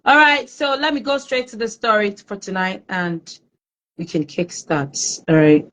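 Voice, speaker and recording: A woman hosting a live-streamed talk show, greeting viewers by name and chatting in a warm, emotional way. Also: medium pitch, sing-song, measured pace, low-quality recording. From Ghana. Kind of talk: casual live-stream chat.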